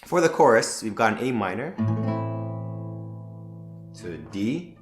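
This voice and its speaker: A man teaching a guitar lesson, calmly naming the chords and counting out strum patterns. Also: mid-range voice, measured pace. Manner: calm, counts out strums plainly. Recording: roomy with loud guitar music. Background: guitar playing.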